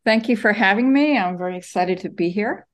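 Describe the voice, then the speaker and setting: A woman's voice: mid-range voice, brisk, music in the background. A woman cartoonist, a guest in an interview, telling her story with lots of ums over a video call from her home studio. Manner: animated storyteller, many ums.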